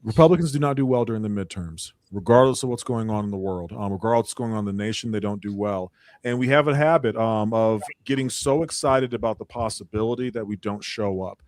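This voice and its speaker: Fast-talking emphatic male panel host. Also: fairly low pitch, a little mellow, dry recording. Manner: emphatic, preachy, mocking. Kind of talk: political commentary panel.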